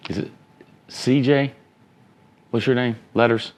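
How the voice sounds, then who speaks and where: A man's voice: medium pitch, fairly even intonation, slow pace, a little mellow. A man giving an informal motivational talk to students, emphatic and rambling, often checking whether the room follows him. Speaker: entrepreneur and motivational speaker.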